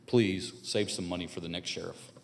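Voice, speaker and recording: An older man with a slightly low voice reads a prepared statement into a podium microphone. He is earnest and measured, coming back again and again to a solemn refrain. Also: fairly even intonation, vocal fry, very noisy. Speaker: public commenter. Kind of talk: reading a prepared public statement. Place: county board meeting room at a podium.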